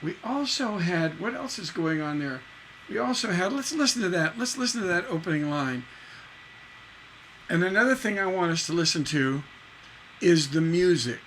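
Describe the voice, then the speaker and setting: A man with a bright, somewhat high voice teaches songwriting in a loose, chatty livestream. He repeats himself, and he sings out syllables to mark a line's rhythm. A faint hum sits under the voice. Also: lively intonation, normal speed, low-quality recording. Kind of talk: casual livestream lesson.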